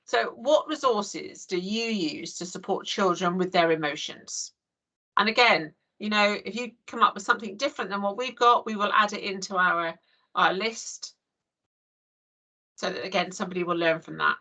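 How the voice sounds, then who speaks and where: A woman's voice: medium pitch, moderate pace, sharp tone. Chatty English woman leading online training. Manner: chatty, many "you know" fillers. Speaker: early years trainer. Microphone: video call.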